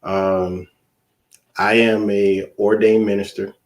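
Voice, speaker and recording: A man in his forties, a guest on a talk show, speaking in a soft, hesitant way with frequent fillers. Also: lowish voice, flat delivery, slow pace. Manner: soft-spoken and hesitant, with many fillers and restarts. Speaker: guest, Navy veteran and minister. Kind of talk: casual interview talk. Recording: echoey room sound.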